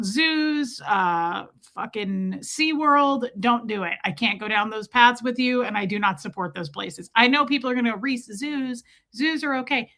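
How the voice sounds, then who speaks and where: A woman's voice: a little high, pushed and bright. A woman from Omaha chatting on a live stream, reacting to clips and greeting viewers by name. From Omaha, United States.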